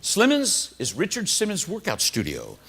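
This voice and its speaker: A man giving a motivational keynote speech to a live audience, animated, exclaiming and firing questions at the crowd. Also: sits high, moderate pace, gravelly, background noise. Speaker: motivational speaker. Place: hotel event hall.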